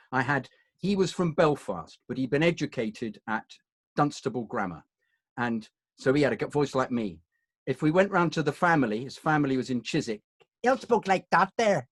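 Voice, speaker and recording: A man's voice: mid-range voice, no room sound. An English man with an upper-class accent, an actor reminiscing in a digressive, anecdotal way. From England. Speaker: actor, guest. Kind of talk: conversational reminiscing.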